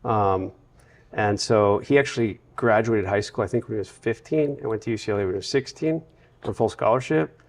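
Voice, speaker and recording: A man from the United States, a guest in a casual interview, telling long run-on anecdotes with a relaxed storytelling manner. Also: lowish voice, brisk. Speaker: podcast guest.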